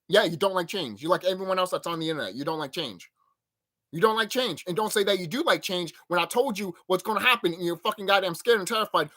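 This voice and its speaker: Animated, swearing man ranting on his channel. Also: high-pitched. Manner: animated, profane, emphatic. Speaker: channel host. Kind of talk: reaction rant.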